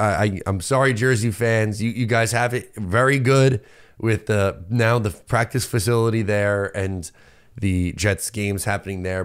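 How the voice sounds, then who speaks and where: A young man from Long Island, hosting a casual sports podcast and venting in a lively, self-interrupting way. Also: on the low side, smooth. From Long Island, New York. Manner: animated, venting, self-interrupting with repeated words. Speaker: podcast host.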